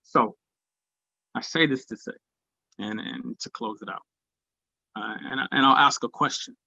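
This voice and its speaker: A man giving a spiritual talk, telling a personal story in an animated way and acting out the voices of people in it. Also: medium pitch, a little slow, gravelly, dry recording, dull audio. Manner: animated, acts out quoted voices. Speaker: speaker at a spiritual gathering.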